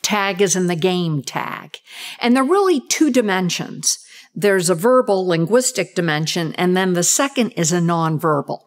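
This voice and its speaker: A woman's voice: lowish voice, animated. A woman communication expert giving an explanatory talk, using short role-play examples to show intonation. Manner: measured, deliberate delivery. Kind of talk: explanatory talk on gendered speech patterns.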